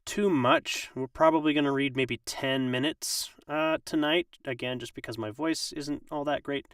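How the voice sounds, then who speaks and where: Male voice actor, slightly under the weather, casual tutorial, mid pitch, dry room. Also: very animated, moderate pace, gravelly, a bit bright, clean tone, no room sound, distant mic. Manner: rambling, with many ums and restarts. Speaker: voice actor and audiobook narrator. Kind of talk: casual live-stream tutorial.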